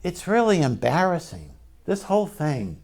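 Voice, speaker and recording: A man preaching a sermon in a slow, conversational way, asking the congregation questions and speaking candidly about himself. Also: on the high side, wildly swooping pitch, darkish tone. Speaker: pastor.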